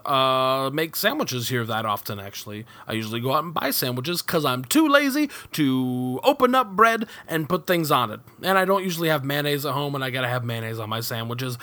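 A man's voice: mid-range voice, sharp tone, dry recording. A man hosting a podcast alone from his home kitchen setup, rambling and self-mocking with casual profanity. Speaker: podcast host. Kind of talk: solo rambling podcast aside.

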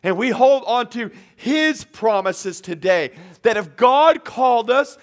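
High-voiced preaching man. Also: lively intonation, slow pace. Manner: emphatic preaching with repeated lines and acted-out quotes. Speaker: pastor. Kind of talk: sermon. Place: empty auditorium.

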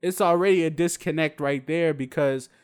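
A man's voice: on the high side, normal speed, clear, resonant tone. A man in his twenties ranting bluntly and with plenty of swearing, in a casual vlog rant to camera. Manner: blunt, profane, animated storytelling. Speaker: vlogger.

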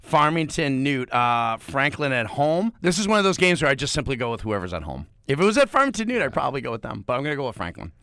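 Bright, lively male podcast co-host, animated and teasing. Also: mid-range voice, quick pace, hardly any pauses, dry recording, studio quality. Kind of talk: casual sports podcast chat.

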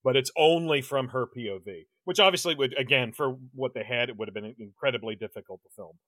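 A man's voice: medium pitch, quick pace, pushed and bright, no room sound. A man co-hosting a horror film podcast, talking loosely and animatedly, laughing as he goes and restarting his sentences. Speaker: podcast co-host. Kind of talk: casual film-review chat.

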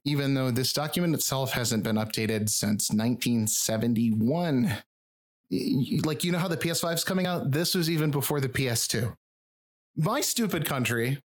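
Wry rural Michigan man hosting a podcast. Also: medium pitch. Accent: rural Michigan, drops final G's and D's. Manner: wry, swearing, self-mocking. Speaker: podcast host and researcher. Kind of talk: casual podcast chat with jokey asides.

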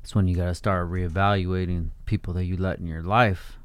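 A man's voice: low-pitched, level tone, a little fast, smooth, no echo. A man hosting a casual podcast, speaking in an emphatic, blunt way with plenty of slang and swearing. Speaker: podcast host.

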